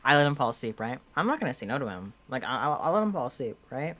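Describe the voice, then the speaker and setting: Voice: mid-range voice, sing-song, rapid-fire, a bit bright, a little hiss or hum. A young adult podcast co-host telling a story in casual chat, rambling and full of "like" and restarts. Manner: rambling, heavy use of "like" and restarts.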